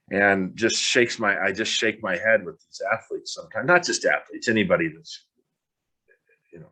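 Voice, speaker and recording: A man's voice: low-pitched, a bit bright. A middle-aged man hosting a podcast, talking bluntly in a frustrated monologue and swearing casually. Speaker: podcast host.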